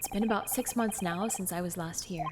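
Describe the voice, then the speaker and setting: A woman's voice: on the low side, a little fast, background noise. Chatty woman streaming a game. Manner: chatty, playful asides. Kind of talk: playthrough with read dialogue. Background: background music.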